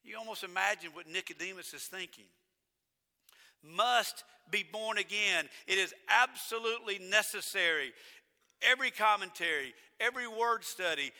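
Male preacher, bright forceful tone, stresses and repeats key words, reverberant sanctuary. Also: high voice, moderate pace. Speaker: pastor. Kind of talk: sermon. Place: church sanctuary. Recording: long church reverb.

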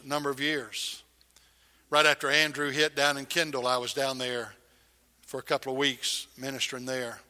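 A middle-aged man preaching a sermon, swinging from loud emphasis to hushed near-whispers. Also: mid-range voice, big-room sound. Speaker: pastor.

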